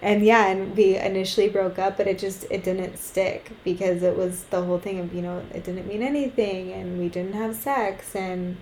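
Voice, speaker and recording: Podcast co-host, woman, young adult. Frank, profane storyteller, mellow tone, echoey room. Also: mid-range voice, fairly even intonation, moderate pace, few pauses, a little hiss or hum. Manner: candid storytelling, swears freely, acts out quotes. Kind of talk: casual chat.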